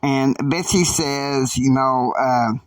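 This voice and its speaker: Slow, rambling male storyteller. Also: medium pitch, steady tone, no echo. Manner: rambling, halting, with many fillers. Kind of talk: improvised saga narration. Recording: dry sound from a distant mic.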